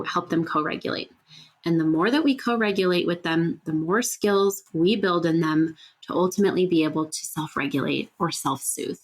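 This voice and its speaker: A woman hosting a solo podcast, talking earnestly and conversationally, thinking aloud with fillers and rhetorical "right?" checks. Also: lowish voice. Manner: earnest, explanatory. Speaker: podcast host. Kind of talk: casual solo podcast talk.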